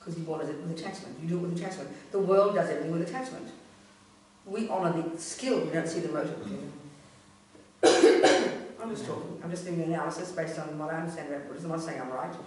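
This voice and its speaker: A woman's voice: deep voice, fast, darkish tone. A woman, a Buddhist nun, giving a blunt, emphatic and earthy teaching talk in a centre's hall. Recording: echoey room, voice from a distance.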